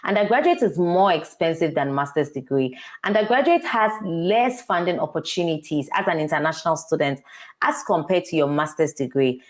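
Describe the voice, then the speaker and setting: A young Ghanaian woman with a lowish voice speaks in an earnest, advising tone. Her points come with steady emphasis as she talks things through in a relaxed interview. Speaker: guest. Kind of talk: casual interview advice.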